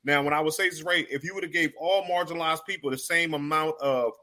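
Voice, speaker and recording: Bright-voiced man rambling in loose chat. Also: a little high, fairly even intonation, fast talker. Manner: rambling with frequent restarts and slang. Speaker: podcast co-host. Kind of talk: casual group chat.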